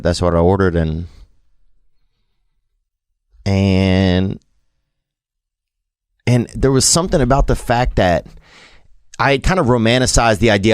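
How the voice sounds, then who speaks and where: Southern guy in his 30s rambling thru a story, lowish voice, dry close sound. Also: clear, resonant tone, no echo. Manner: drawling, meandering, self-deprecating, trails off. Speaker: comedian telling a story.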